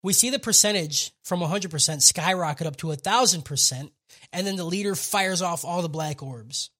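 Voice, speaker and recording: A man on a podcast, recapping an anime in a casual, excited and profane way. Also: on the high side, moderate pace. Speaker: podcast co-host.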